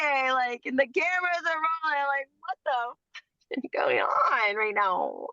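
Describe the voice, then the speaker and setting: High bright voice, slangy lady dishing gossip, real animated, dry close mic. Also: measured pace, no echo, dull audio. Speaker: podcast co-host. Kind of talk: casual gossip chat.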